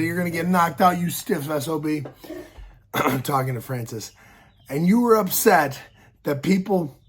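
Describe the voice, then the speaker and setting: A man's voice: high voice, breathy edge. A man giving rambling, worked-up reaction commentary on a fight, talking casually to his viewers with frequent restarts. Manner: rambling, repeats words, gets worked up.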